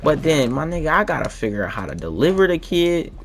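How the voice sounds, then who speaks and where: A man's voice: a little high, big pitch swings, fast, fairly bright tone, slight background noise. A young man rambling in slangy, laid-back chat while playing a video game late at night. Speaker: gaming vlogger.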